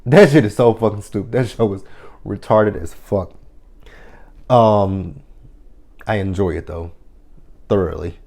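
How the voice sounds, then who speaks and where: A man's voice: fairly low pitch, measured pace, long pauses, darkish tone. A man in his thirties casually recapping a TV episode, chatty and profane, laughing often. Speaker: TV episode reviewer.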